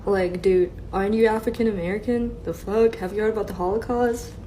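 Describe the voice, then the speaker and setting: A woman's voice: medium pitch, steady tone, a little fast, warm tone, slight background noise, poor audio. A woman from Germany casually telling a story in a blunt, sweary way.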